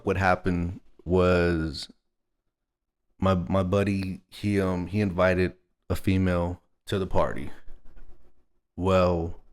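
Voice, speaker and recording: A young man from Texas, telling a personal story in a rambling, casual way, full of "like" and "you know what I mean". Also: deep voice. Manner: rambling, filler-heavy, laughing storyteller.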